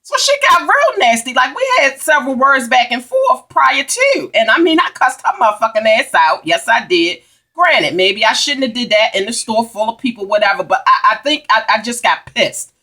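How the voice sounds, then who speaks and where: A woman's voice: fairly high pitch, big pitch swings, moderate pace, pushed and bright. A woman telling a heated, profane story as a vlogger, emphatic and indignant. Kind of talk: angry storytime rant.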